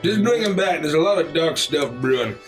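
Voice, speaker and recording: A man's voice: a little high, lively intonation, brisk, soft background music, close to an everyday voice. A man voicing a huge, jovial old bear king who rules a forest. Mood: boisterous.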